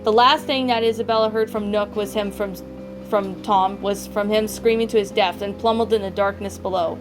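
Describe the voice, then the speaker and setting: A woman reading a creepypasta aloud in a halting way, often stumbling and correcting herself. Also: mid-range voice, steady tone. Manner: halting, frequent self-corrections. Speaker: story reader. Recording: faint background music.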